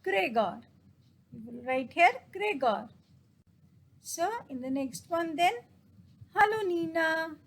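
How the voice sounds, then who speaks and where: A woman teaching a casual German lesson in English, reading German phrases slowly and explaining each one. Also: very high voice, animated, poor audio.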